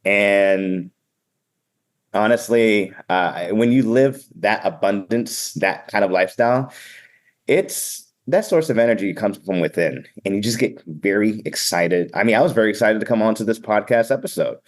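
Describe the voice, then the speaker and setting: Hyped-up boston guy, low voice, talks fast and blunt about emceeing. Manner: energetic, upbeat and sometimes blunt. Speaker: event emcee and keynote speaker. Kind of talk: casual podcast interview.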